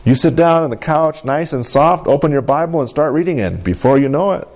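A man preaching a sermon in an animated call-and-response manner, often asking for an amen and laughing. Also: fairly high pitch, brisk. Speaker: pastor.

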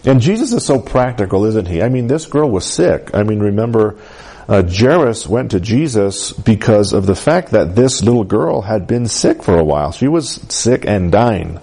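A man's voice: moderate pace, husky. A man preaching a sermon to a congregation, often asking "Amen?" and lifting his voice for emphasis. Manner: animated, rising pitch for emphasis, calls of "Amen?".

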